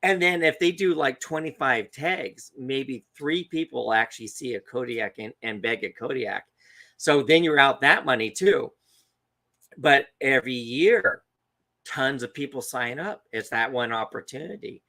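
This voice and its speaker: A man co-hosting a podcast, telling a story in a casual, animated way and acting out the quotes. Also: mid-range voice, a little slow. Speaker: podcast co-host.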